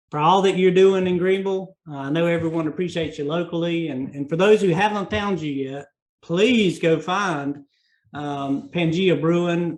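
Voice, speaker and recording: A man with a North Carolina Southern accent hosts a business podcast. His voice sits a little high, and he rambles comfortably, filling pauses with "uh" and "you know". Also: poor audio. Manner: folksy, meandering, with many fillers. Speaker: podcast host. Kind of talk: casual interview chat.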